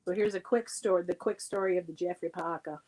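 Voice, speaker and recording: A woman's voice: on the low side, fairly even intonation, fairly quick, heavy background noise. A woman chatting as a guest on a livestream, telling stories with frequent laughter. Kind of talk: casual livestream chat.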